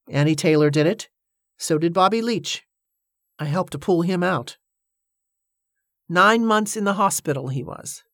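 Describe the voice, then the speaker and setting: Narrator doing a gruff, stubborn old boatman. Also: medium pitch, no room sound, studio quality. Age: older. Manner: curt, flat refusals. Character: gruff older male boatman, stubborn and blunt.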